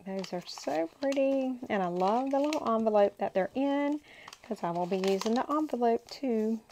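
A woman's voice: a little high, expressive, normal speed, warm tone, a little hiss or hum, low-quality recording. A woman hosting a crafting channel, chatting casually and gushing to herself as she unboxes paper supplies. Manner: gushing, talks to herself while handling paper.

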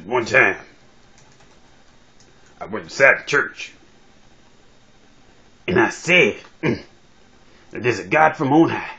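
A man voicing a slow, greedy male preacher who hums between drawn-out phrases. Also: medium pitch, expressive, gravelly, bright, forceful tone, exaggerated voice. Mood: preaching. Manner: drawn-out preaching broken by humming "mm". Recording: dull lo-fi phone recording.

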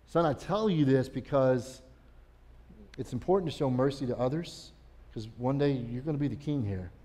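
A man playing an aging king who gives his son fatherly, confessional advice in a slow, reflective way. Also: medium pitch, mellow, natural voice. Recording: long church reverb.

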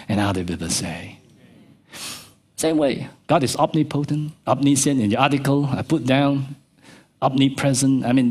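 A middle-aged man preaching a sermon as pastor, swinging between soft low asides and high emphatic peaks. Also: breathy edge. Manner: animated preaching, pitch jumping from low to high. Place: church.

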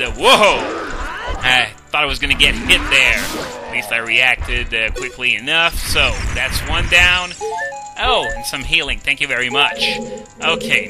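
A slightly high-voiced young man talks through a video game boss fight on a home desk mic. His commentary is chatty and self-mocking, full of "uh"s and "um"s. Game music plays loudly behind him. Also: low-quality recording. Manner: chatty, self-deprecating, frequent "uh" and "um". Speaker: let's play commentator. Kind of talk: gameplay commentary.

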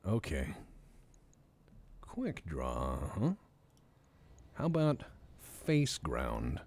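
A man's voice: rumbling low, wildly swooping pitch, drawn-out words, vocal fry, a little mellow, a little hiss or hum. A man streaming a video game, giving casual, joking commentary and talking to himself as he plays. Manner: joking, rambling, talks to himself.

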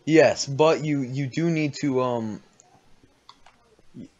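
A man's voice: mid-range voice, slow pace, darkish tone. A young man chatting casually and playfully while playing a game, laughing often. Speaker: Let's Play gamer. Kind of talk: casual gaming chat. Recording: lo-fi game chat audio.

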